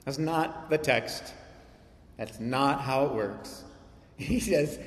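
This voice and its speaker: A man preaching a sermon as pastor, animated, swinging from loud emphasis to quiet asides. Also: medium pitch, slow pace, pauses often. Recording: roomy hall reverb.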